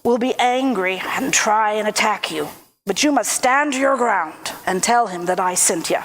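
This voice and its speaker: A woman voicing a big, steady, helpful male brown bear in a told folk tale. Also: mid-range voice, unhurried.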